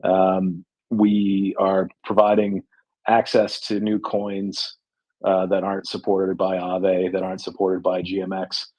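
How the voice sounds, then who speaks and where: Low-voiced man, halting and relaxed. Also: poor audio. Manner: halting, filler-heavy, relaxed banter. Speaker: guest describing his DeFi project. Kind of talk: casual chat in an audio room.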